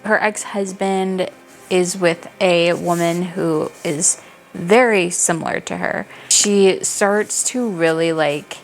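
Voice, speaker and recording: Young woman hyped about her faves, swears a lot, faint music behind. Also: lowish voice. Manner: animated, gushing, swears casually. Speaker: book reviewer. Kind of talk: casual chat.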